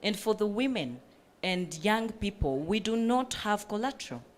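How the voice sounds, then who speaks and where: A woman's voice: medium pitch, expressive, normal speed. A woman panelist who runs a coffee business, speaking earnestly and with passion at a panel discussion, with many fillers.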